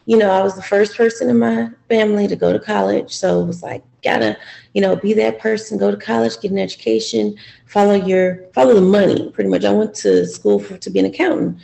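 Brief: woman participant, very gravelly, mellow tone, reflective testimony. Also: mid-range voice, brisk, poor audio. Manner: reflective, hesitant. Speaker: seminar participant. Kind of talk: personal testimony.

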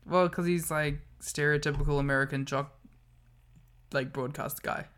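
A man's voice: fairly high pitch, fairly even intonation, moderate pace, fairly bright tone. A man co-hosting a podcast, chatting bluntly about wrestling, swearing freely and laughing mid-sentence. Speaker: podcast co-host. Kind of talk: casual wrestling chat.

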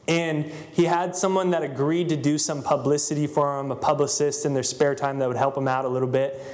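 A man telling a story to a live audience in a loose style, with many fillers. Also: on the high side. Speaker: motivational speaker.

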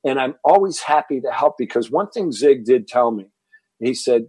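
A man's voice: medium pitch, moderate pace, breathy edge, no echo. A man in his fifties from Texas, a fitness entrepreneur, telling stories in an interview and stumbling over repeated words. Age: 50s. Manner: animated storyteller, repeats words when excited. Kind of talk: interview storytelling.

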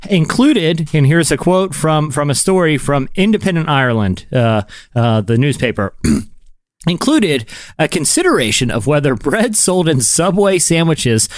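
Rambling and laughing through a casual podcast chat, a male co-host uses lots of fillers. He speaks at normal speed with a fairly high-pitched, animated voice, recorded in clean studio sound with no echo.

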